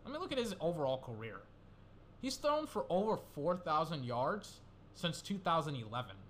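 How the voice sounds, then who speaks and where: A man's voice: fairly high pitch, very animated, normal speed, fairly bright tone, slight background noise. A young man rambling through casual solo commentary, swearing and getting worked up as he goes. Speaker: gaming commentator.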